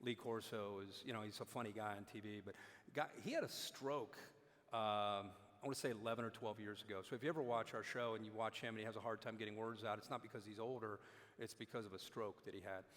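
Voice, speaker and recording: A man telling a lively story as a guest speaker at a dinner event, acting out the quotes. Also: lowish voice, fast talker. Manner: animated, acts out quotes. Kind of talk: storytelling on stage. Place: large hall at a dinner event. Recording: long hall reverb.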